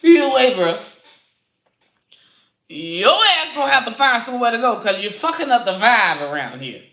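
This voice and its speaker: A woman comedian hosting a live stream, ranting with constant profanity in a loud, rambling way. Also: a little high, very animated, normal speed. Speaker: comedian host. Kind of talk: live-stream comic rant. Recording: echoey room.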